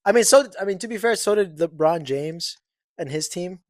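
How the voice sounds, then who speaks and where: A young man co-hosting a podcast, joking around and quick to laugh. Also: sits high, expressive, no room sound. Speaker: podcast co-host. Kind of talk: casual podcast chat.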